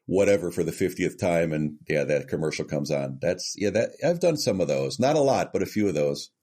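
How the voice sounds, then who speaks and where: A man's voice: low voice, lively intonation, brisk, darkish tone, husky. A middle-aged man, a voice actor, chatting on a podcast and telling self-deprecating stories about his work. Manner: storytelling, self-deprecating, jumps into brief character voices. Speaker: voice actor guest. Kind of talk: casual podcast interview.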